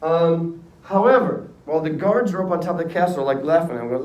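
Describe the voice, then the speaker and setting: A middle-aged man teaching a history class in a casual, joking way, often slipping into quick voices for the people in his story. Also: on the high side, animated, darkish tone, lo-fi sound. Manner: jokey storytelling, acts out quick character voices. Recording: echoey classroom, voice from far off.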